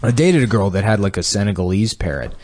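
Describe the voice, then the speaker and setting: A man's voice: on the low side, animated, fast, a little mellow. A sleep-deprived man co-hosting a podcast, telling rambling anecdotes with crude jokes in casual chat. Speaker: podcast co-host.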